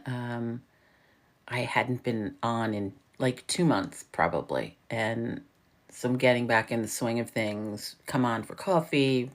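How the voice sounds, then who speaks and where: A woman in her forties with a New York accent hosts a relaxed morning livestream from home, her voice sitting low for a woman. She talks straight into a phone or webcam, chatty and loose, swearing freely and throwing herself into animated storytelling. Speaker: livestream host. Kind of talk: casual morning livestream chat.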